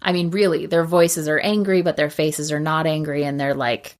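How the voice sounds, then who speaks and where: A woman with a notably low voice co-hosts a casual podcast. She recaps a film's plot in a long, chatty run, dropping in "like" and slipping into quick impressions of the characters. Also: little pitch movement. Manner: retells plot at length, acting out characters' lines; chatty, frequent "like" and laughter. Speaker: podcast co-host. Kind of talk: casual film recap chat.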